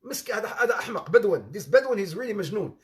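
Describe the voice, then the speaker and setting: Animated male preacher, high voice. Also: rapid-fire. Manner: animated storytelling, mixes English with Arabic phrases; laughs at his own stories, acts out quoted voices. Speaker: Islamic preacher. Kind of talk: informal sermon with humorous anecdotes.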